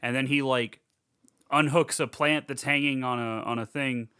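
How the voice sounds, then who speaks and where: A man's voice: mid-range voice, steady tone, moderate pace, pushed and bright, clean tone, no room sound, studio quality. A man co-hosting a podcast, casually recapping a horror film, swearing, laughing, and acting out the characters' lines. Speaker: podcast co-host. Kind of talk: casual movie recap chat.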